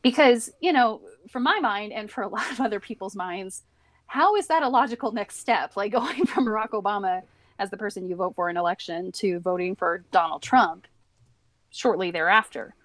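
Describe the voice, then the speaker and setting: A woman's voice: medium pitch, animated, normal speed. A woman with a mid-range voice talks casually on a podcast, restarting her sentences as she explains. The sound is dry and close, with no room echo. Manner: chatty, hesitant restarts, laughs. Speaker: podcast co-host. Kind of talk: casual political chat.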